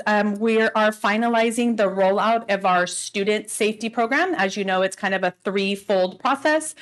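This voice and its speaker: A woman delivering announcements at a school board meeting, warm and slightly emotional, with frequent "um"s. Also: medium pitch. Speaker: school district administrator.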